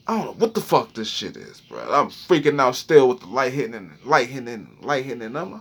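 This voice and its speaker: Excitable man telling a crude story. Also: fairly quick, slightly rough. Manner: crude, excitable, repeats words and phrases; voice jumps high when reliving panic. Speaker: podcast host. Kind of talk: freestyle storytelling monologue.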